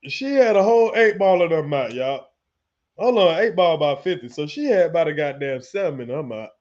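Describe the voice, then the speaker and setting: A man hosting casual news commentary, laughing, swearing and getting excited. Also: a little high, brisk, dull audio. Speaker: commentary channel host.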